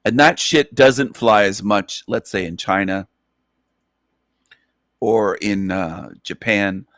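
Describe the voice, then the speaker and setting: A man's voice: fairly low pitch, slow, a bit bright, dry recording, studio quality. A man hosting an online radio show, ranting in an emphatic, profane, repetitive monologue. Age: adult, past twenties.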